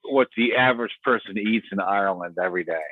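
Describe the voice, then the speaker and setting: A man talking as a guest on a call, insistent and halting, repeating words as he makes his point. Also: fairly low pitch, no echo. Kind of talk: casual chat. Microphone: online call. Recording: tinny phone-like line.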